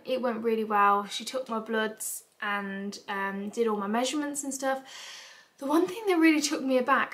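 British woman, young, vlogger, casual confessional chat, tearful, rambling with fillers, slightly high voice. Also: bright, forceful tone. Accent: British English. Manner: chatty, rambling with fillers and asides. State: tearful, emotional.

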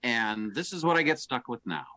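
An older man acting as game master in an improvised comedy scene over a video call, with a dry, deadpan delivery. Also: mid-range voice, normal speed.

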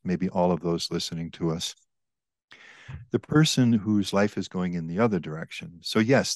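Low-voiced older priest, measured and earnest. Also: male voice, no echo. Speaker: priest and author, podcast guest. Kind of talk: explaining spiritual teaching in conversation.

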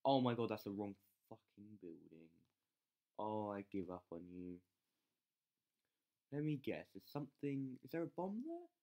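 A gamer commentating live gameplay, excitable, yelling at troops, swearing and mocking themself. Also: mid-range voice, normal speed, long pauses, muffled recording. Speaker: game channel host.

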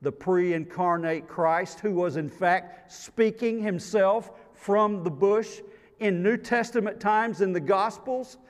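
A man preaching a sermon as pastor, emphatic and slow, his voice rising loud on key phrases and dropping to a near hush on others. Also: sits high. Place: church sanctuary. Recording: long reverb of a church sanctuary.

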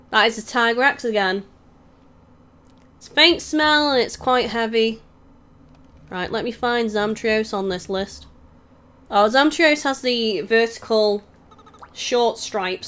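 Streaming a game live, this young Englishwoman with a blended Scouse, Welsh and English accent chats, giggles and reads out her viewers' messages. Her voice is a little high and fairly bright, captured on a desk mic with a touch of background noise.

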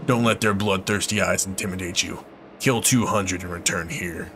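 A man reading game dialogue aloud as a gruff male recruiter, lowering his voice into clipped, commanding orders. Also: fairly even intonation, normal speed, close to an everyday voice. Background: game music.

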